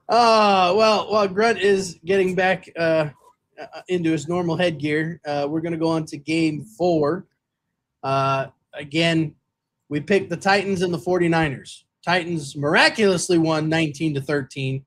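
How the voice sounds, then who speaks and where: A man co-hosts a football podcast in casual, rambling chat, full of fillers and restarts. His voice is a little high and his pace a little slow.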